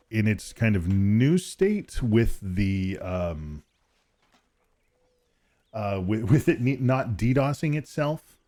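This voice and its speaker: A man's voice: fairly low pitch, dark tone. A man streaming a farming game, chatting casually with viewers, rambling, laughing often and restarting his sentences. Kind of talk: casual live-stream chat while gaming.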